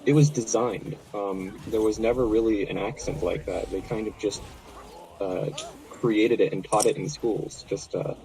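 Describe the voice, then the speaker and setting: An American man with a low, mellow voice explains things patiently in a gaming voice chat. His talk is measured and dotted with hesitant pauses. Faint hiss sits beneath it. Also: fairly even intonation, creaky, rough recording. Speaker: gamer in voice chat. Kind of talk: casual chat.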